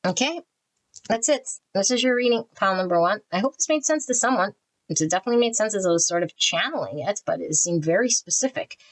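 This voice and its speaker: A woman giving a casual, rambling tarot card reading, often restarting phrases and sometimes shifting into a soft prayerful tone when calling on spirit. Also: mid-range voice, lively intonation, fast talker, no room sound. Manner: chatty, repeats and restarts phrases, intuitive rambling. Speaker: tarot reader.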